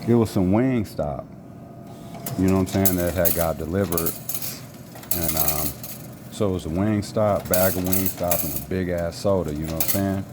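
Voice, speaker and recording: A man with a very low voice hosts a casual podcast. He rambles in a relaxed way and swears offhandedly. Clear background noise runs under his voice. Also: normal speed. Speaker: podcast host. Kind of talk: casual solo podcast chat. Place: apartment building lobby, walking a dog. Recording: noisy background.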